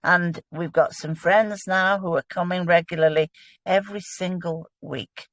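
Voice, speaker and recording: Lady guest chatting about faith, earnest and excited, dry close sound. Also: lowish voice, a little slow, dry recording. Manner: earnest, enthusiastic explaining. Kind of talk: casual religious discussion.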